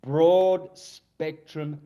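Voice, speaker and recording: A man in his sixties, a podcast guest telling rambling, animated anecdotes. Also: a little high, drawn-out words, lo-fi sound. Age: 60s. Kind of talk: casual storytelling interview.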